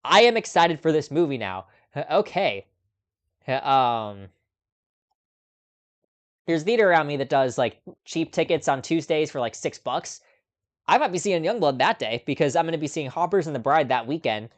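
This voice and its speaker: A man hosts a casual live movie chat stream in an expressive voice on the high side, at normal speed with long pauses. He's chatty and off the cuff, laughing often and saying lots of ums.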